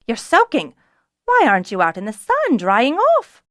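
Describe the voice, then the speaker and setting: A woman's voice: fairly high pitch, wildly swooping pitch, moderate pace, a bit bright, dry recording, clean studio sound, voice pushed up. A woman voicing a brusque, busy female kitchen cook who scolds sharply and gets flustered. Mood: scolding.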